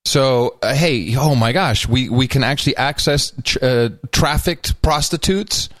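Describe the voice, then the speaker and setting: A man's voice: medium pitch, measured pace, fairly bright tone, no room sound. Sarcastic man co-hosting a podcast. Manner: sarcastic, mock outrage. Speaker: podcast co-host. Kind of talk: casual commentary chat.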